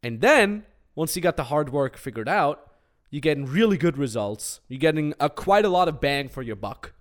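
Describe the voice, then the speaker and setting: Animated storytelling podcast host man. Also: a little high, moderate pace. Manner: animated storytelling with acted quotes. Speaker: podcast host and business coach. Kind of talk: casual podcast chat.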